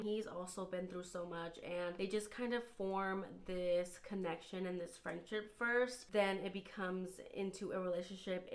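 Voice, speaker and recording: A chatty woman talks straight to camera about books she loves, gushing and full of casual fillers. She hosts her own book channel in a relaxed, friendly vlog style. She is filming indoors at home under a filming light. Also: on the low side. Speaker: book vlogger.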